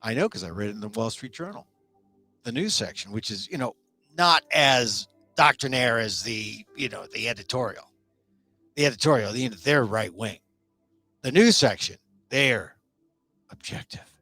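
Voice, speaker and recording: A man's voice: medium pitch, lively intonation, normal speed, sharp tone, dry recording, faint music behind. A man hosting a live-streamed talk show in a casual, rambling monologue, full of joking asides.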